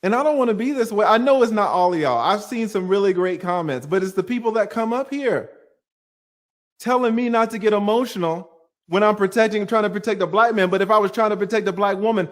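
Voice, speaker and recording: A middle-aged man with a fairly high voice hosts a heated livestream as an attorney. He speaks bluntly and emphatically, swears freely, and pushes toward a shout when provoked. His delivery is forceful and never holds back. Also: a little fast.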